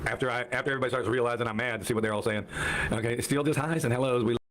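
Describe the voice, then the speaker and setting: A man ranting angrily on a livestream, swinging from shouting to muttering. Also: medium pitch, steady tone, very fast, slight background noise. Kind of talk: angry livestream rant.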